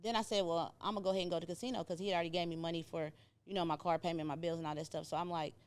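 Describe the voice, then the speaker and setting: A woman's voice: lowish voice, racing, clear, resonant tone. A middle-aged woman from Indiana, a podcast guest telling her story in casual talk, acting out what people said. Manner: animated storyteller acting out quoted voices.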